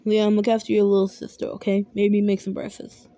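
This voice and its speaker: A woman voicing a calm father who gives plain instructions in a family role-play. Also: mid-range voice, fairly quick, dry recording, natural voice.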